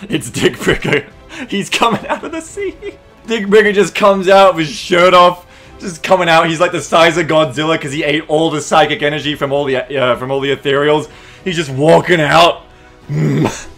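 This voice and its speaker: A man's voice: a little high, moderate pace, fairly bright tone, soft background music. Crude, goofy male game commentator. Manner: goofy, rambling, crude jokes. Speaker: gaming video creator.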